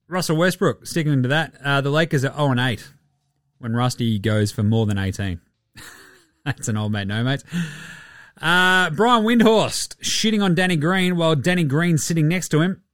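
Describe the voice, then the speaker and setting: A man's voice: fairly high pitch, no echo. Profane Australian man, dry close sound. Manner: profane, rambling, chuckling asides. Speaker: podcast host. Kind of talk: casual basketball chat.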